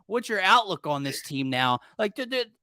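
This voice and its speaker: Excitable rambling sports-talk guy. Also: high-pitched, moderate pace, dry recording, clean studio sound. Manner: excitable, rambling, often self-interrupting. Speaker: podcast host.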